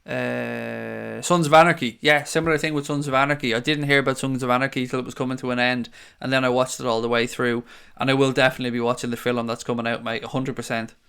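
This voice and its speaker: A man's voice: mid-range voice, little pitch movement, fast, gravelly, a bit bright, clear, resonant tone. A young man hosting a fan stream, reading the live chat aloud and answering viewers in a chatty, sweary way. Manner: chatty, swears freely, calls viewers mate.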